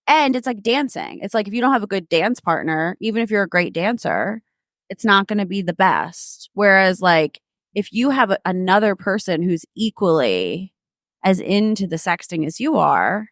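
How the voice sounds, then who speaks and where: A woman's voice: medium pitch, expressive, moderate pace, dry recording, clean studio sound. A woman co-hosting a podcast in casual chat, talking frankly and with self-assurance. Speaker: podcast co-host.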